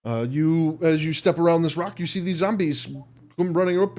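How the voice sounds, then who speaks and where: A man running a live tabletop game as dungeon master, easygoing and quick to laugh. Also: fairly high pitch, darkish tone.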